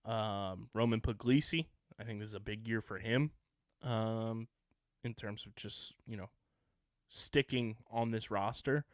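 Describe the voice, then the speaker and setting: Young guy cohosting a sports pod, smooth voice, dry mic, rambles thru name lists. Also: lowish voice, fairly even intonation, a little slow, dry recording. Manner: rambling, lists names with fillers. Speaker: podcast co-host. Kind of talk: casual sports chat.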